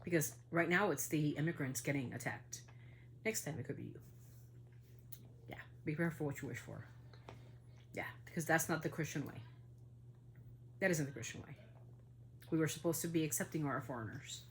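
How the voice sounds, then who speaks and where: A woman hosting a podcast, upset and indignant as she rants, with swearing along the way. Her voice sits a little low. A faint hiss of room ambience runs under her. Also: moderate pace, long pauses. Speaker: podcast host. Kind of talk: casual opinion monologue.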